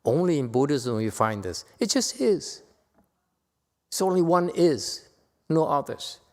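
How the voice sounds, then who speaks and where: A man giving a Buddhist dharma lecture in a temple hall, playful and teasing, jumping from loud emphatic lines to quiet asides. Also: a little high, big pitch swings, a little slow. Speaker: Buddhist teacher.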